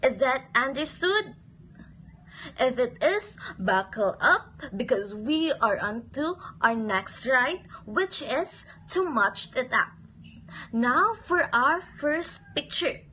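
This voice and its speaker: A high-voiced woman teaching a phonics lesson to young children, speaking very slowly in a sing-song way. She keeps asking questions and repeating each word. Faint noise hums behind her. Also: sharp tone.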